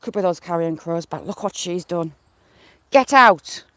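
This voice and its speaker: A smallholder chats on a live stream during yard chores outdoors by a field, talking to animals and viewers and swearing mildly, with birds and chickens audible. The voice is medium-pitched, a little mellow and steady, fairly quick, recorded at studio quality without room sound.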